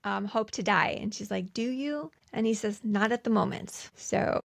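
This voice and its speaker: A woman's voice: medium pitch, steady tone, normal speed, gravelly. A woman co-hosting a podcast, casually retelling film scenes and acting out the characters' lines between laughs. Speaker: podcast co-host. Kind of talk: casual movie recap chat.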